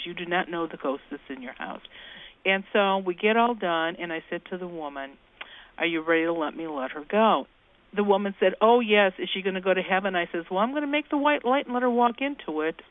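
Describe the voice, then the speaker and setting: A ghost-talking cookbook author joins an interview by phone, the line tinny, sharing folksy ghost stories and performing the voices of the people she quotes. She speaks at medium pitch, expressively and fairly quickly.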